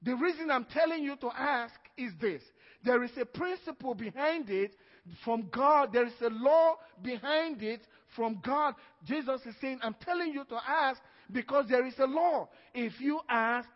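A man's voice: extremely high pitch, big-room sound, lo-fi sound. A male pastor preaching a sermon, stressing words hard and often asking the congregation "Amen?".

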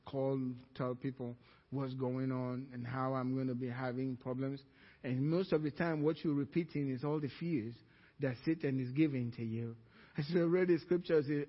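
A middle-aged man from Africa, a pastor preaching a sermon and telling a personal story, acting out the voices of others in it. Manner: storytelling, acting out quoted voices with rising pitch. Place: church. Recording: dull reverberant church hall recording.

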